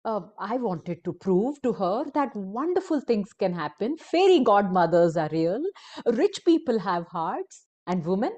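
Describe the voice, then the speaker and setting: A woman voicing an excitable rich woman who gushes and speaks with emphasis, in a slow told story. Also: mid-range voice. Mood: gushing. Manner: gushing, emphatic.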